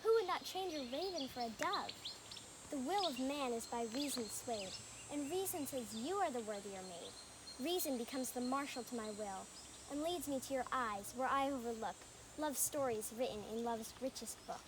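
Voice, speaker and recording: An ardent young male lover, played by a young actress in an outdoor youth production. The verse is steady and earnest, and the voice sits high. Night insects and outdoor noise are clearly heard. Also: normal speed. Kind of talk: outdoor youth stage acting.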